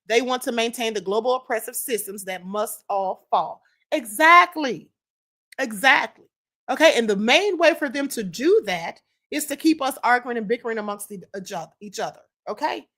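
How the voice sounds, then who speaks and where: A woman's voice: on the high side, expressive, brisk, hardly any pauses. A woman hosting a live stream, giving casual opinionated commentary on clips and reading viewer comments aloud.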